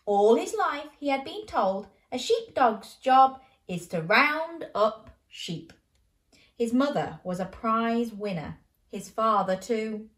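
A woman's voice: a little high, expressive, slow pace, a bit bright, roomy sound. A woman hosting a children's show, reading a bedtime story aloud playfully and asking the listener questions.

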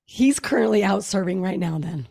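Gravelly-voiced woman podcast host. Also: mid-range voice, normal speed. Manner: relaxed questioning, hesitant fillers. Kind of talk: casual interview.

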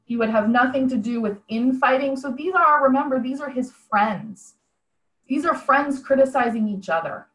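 A woman's voice: high voice, lively intonation, normal speed, fairly bright tone, roomy sound, low-quality recording. A woman preaching a conversational sermon over a video call, retelling a story in a plain-spoken, reflective way.

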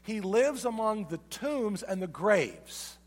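Man, high voice, preaching a sermon, storytelling, echoing church hall. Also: big pitch swings, takes it slowly. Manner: storytelling, emphatic repetition. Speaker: pastor.

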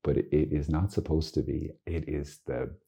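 A man, a priest, giving an informal teaching talk, earnest and lively with joking asides. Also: a bass voice, moderate pace, gravelly, slightly rough. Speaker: Catholic priest.

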